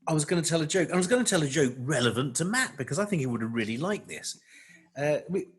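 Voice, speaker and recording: A man co-hosting a podcast, chatting and telling a joke in a rambling, animated way. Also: on the high side, quick pace, slightly rough. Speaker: podcast co-host. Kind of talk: casual chat and joke telling.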